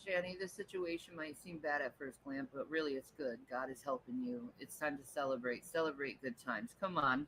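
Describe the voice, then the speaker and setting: A woman's voice: low voice, moderate pace, hardly any pauses, fairly bright tone, slight background noise, low-quality recording. A woman chatting casually on a home livestream, answering viewer comments, laughing often and cooing at her pet.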